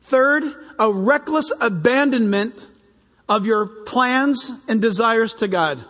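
An older man preaching a sermon to his church, animated and jokey, acting out little voices. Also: very high voice, takes it slowly. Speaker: pastor. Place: church hall. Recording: reverberant hall.

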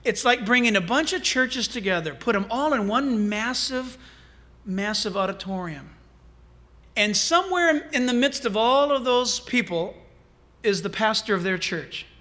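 A man preaching a sermon as a pastor, animated and humorous, with asides to the congregation. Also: high voice, unhurried.

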